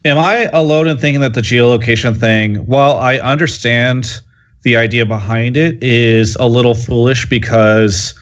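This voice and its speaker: A man's voice: mid-range voice, fairly even intonation, normal speed. Male panel guest, mid voice, rambling talky reasoning, a bit muffled. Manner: talkative, filler-heavy reasoning. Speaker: podcast guest, journalist. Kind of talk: casual panel discussion. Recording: slightly lo-fi audio.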